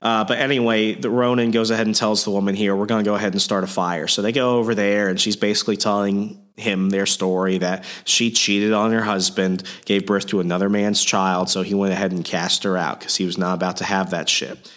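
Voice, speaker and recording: Man, fairly low voice, laid-back profane podcast recapper. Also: level tone, a little fast, hardly any pauses, a bit bright. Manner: casual, profane, lots of fillers. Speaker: comic book podcast host. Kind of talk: casual chat.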